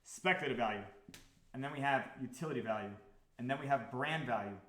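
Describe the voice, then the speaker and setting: This crypto project founder hosts a live stream, chatting casually and swearing freely in a fast, sharp, mid-range voice. The room is echoey, and he repeats himself while constantly checking whether viewers follow him.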